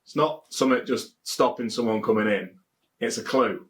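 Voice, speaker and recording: A man from England with a Leicestershire accent and a medium-pitched voice talks at a moderate pace. He's a beer reviewer chatting casually to camera, rambling, joking, and repeating his phrases.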